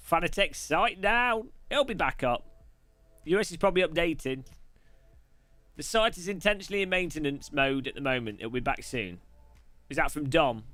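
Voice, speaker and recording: Male streamer, a bit high, bright and forceful, rambling and jokey. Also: no room sound. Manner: chatty, jokey, rambling with restarts. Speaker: streamer host. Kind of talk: casual live-stream chat.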